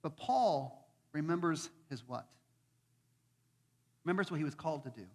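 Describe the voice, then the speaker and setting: Animated pastor with lively, high voice. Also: male voice, moderate pace. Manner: animated, acts out voices of people in the story. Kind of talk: sermon. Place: church hall. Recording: long hall reverb.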